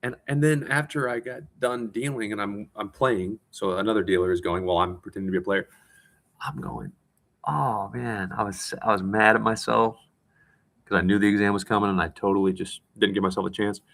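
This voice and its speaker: A tired man talking in a casual, rambling monologue, self-mocking and quick to restart his sentences. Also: on the low side, steady tone, fairly bright tone. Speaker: vlogger.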